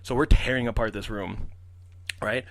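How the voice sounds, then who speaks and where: A man in his twenties, a podcast guest, telling a story in an animated, profane way and acting out the quotes. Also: fairly low pitch, moderate pace, gravelly. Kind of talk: casual storytelling.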